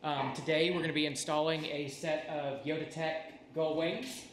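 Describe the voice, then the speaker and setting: A man's voice: fairly high pitch, fairly even intonation, moderate pace, noisy background. A man hosting his channel, casually explaining a repair step by step while he works in a workshop. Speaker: channel host. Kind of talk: casual how-to demonstration.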